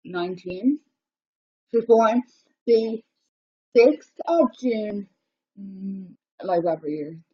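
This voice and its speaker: A woman, telling a rambling story on a live stream, with many restarts and excited repeats. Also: medium pitch, slow, long pauses, slightly rough. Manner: breathless, repetitive, excitable retelling. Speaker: livestreamer. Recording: dull lo-fi livestream audio.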